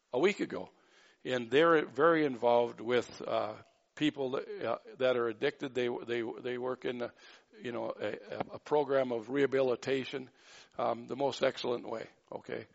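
A man preaching a sermon in a gravelly, mid-pitched voice. He talks conversationally with plenty of fillers, then slows right down to stress each word of scripture. The recording sounds dull and lo-fi. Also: fairly even intonation. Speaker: pastor.

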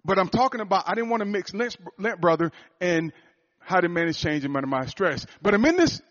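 A man's voice: high-pitched, animated, brisk, fairly bright tone. A man who works as a motivational speaker and coach, telling a personal story in a sermon style. He talks earnestly and often restarts and repeats phrases. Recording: dull lo-fi recording.

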